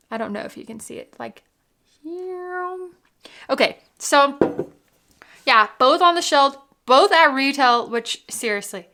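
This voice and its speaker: A woman's voice: sits high, sharp tone. A woman hosting a casual whiskey vlog from home, bubbly and gushing, full of "like" and "literally". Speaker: whiskey vlogger.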